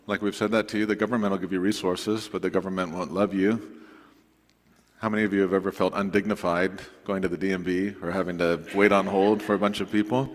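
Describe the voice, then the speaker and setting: A man preaching to his congregation in a relaxed, conversational way, with asides to the listeners. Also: sits low. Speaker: pastor. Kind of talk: sermon announcements. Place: church sanctuary. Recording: long reverb of a church sanctuary.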